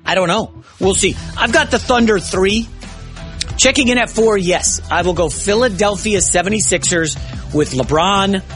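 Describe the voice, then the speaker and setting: A man filling in as a sports radio host, talking in an excitable, rambling way and often correcting himself mid-sentence. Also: sits high, normal speed, faint music behind.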